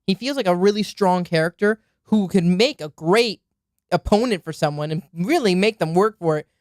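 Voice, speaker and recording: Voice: mid-range voice, expressive, moderate pace, a little mellow, no room sound, studio quality. A podcast co-host chatting about anime playfully, often slipping into characters' voices. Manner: playful, acts out characters in quotes. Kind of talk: casual anime chat.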